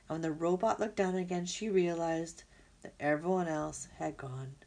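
A woman narrating a children's storybook aloud in an expressive, lively way. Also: lowish voice, moderate pace.

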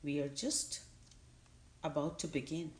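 A hearty, friendly male goose calls out to the flock, as a woman reads him. Low voice, with a roomy echo in the recording. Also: steady tone, a little slow, a little mellow.

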